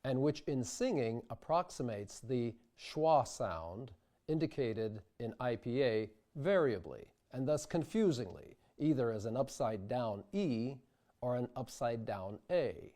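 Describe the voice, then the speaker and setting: Slow, mellow-voiced male diction teacher. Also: medium pitch, expressive. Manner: measured, demonstrates word pronunciations. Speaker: diction instructor. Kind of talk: scripted instructional narration.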